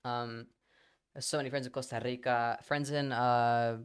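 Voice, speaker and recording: Smooth-voiced man chatting on stream. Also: medium pitch, level tone, a little slow. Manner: rambling, with frequent fillers and swearing. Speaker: livestreamer. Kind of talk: casual livestream chat.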